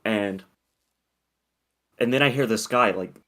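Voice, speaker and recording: A young man with a lowish voice spins a long, loose story between frequent laughs. He rambles and swears freely in relaxed podcast chat. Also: slow. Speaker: podcast co-host.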